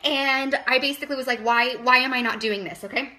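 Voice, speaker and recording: Woman coach in her thirties; a nervous, gushing live-stream talker with a slightly high, bright voice. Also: steady tone, a little fast, few pauses, a little hiss or hum. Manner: nervous, emotional, chatty with many fillers. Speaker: wellness business coach. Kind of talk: casual live-stream talk.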